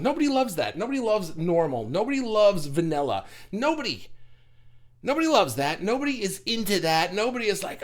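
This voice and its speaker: A middle-aged man from New York chats on a livestream, talking fast and rambling as he reads comments. His voice sits a little high, and it leaps up and down in pitch. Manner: fast, animated and rambling, with big pitch jumps. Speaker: group host reading comments. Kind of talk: casual livestream chat.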